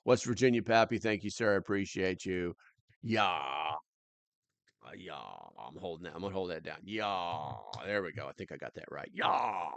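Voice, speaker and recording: A man's voice: sits low, moderate pace, gravelly, no room sound. A man hosting a casual livestream, talking in a rambling, chatty way with lots of fillers and restarts. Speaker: livestream host.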